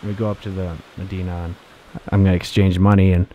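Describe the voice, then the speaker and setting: Recounting his travels, this vlogger rambles in a laid-back way, with plenty of fillers and restarts. His voice is low-pitched, level, and mellow, though he talks fast.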